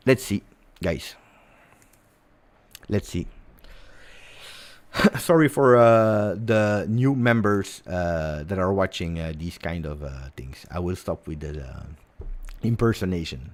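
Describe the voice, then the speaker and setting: A man hosting a live stream, speaking to viewers in a relaxed, off-the-cuff way. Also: low-pitched, slow pace, pauses often. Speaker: host.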